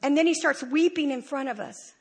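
A woman giving a lively, humorous church testimony and acting out the dialogue as she goes. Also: high-pitched, fairly quick. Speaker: church speaker sharing a testimony. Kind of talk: animated storytelling testimony.

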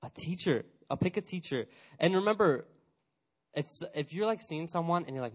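Energetic young man preaching to teens. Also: fairly high pitch, normal speed. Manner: energetic, chatty, full of "like" fillers, acts out quotes. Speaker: youth pastor. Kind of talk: casual youth sermon.

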